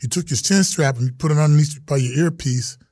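A middle-aged former football player tells his stories earnestly in a casual interview, acting out the voices of people he quotes. His voice sits a little high for a man. The sound is close and dry. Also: quick pace, warm tone, no echo.

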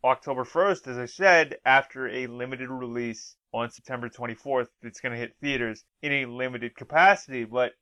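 A man's voice: mid-range voice, normal speed, few pauses, pushed and bright. A man giving a casual spoken review of a movie trailer, rambling with restarts and acting out quoted lines.

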